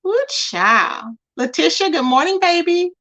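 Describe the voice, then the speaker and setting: Chatty high-voiced woman livestreamer. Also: animated, measured pace, fairly bright tone. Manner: chatty, talks to viewers directly. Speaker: livestream host. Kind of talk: casual livestream chat.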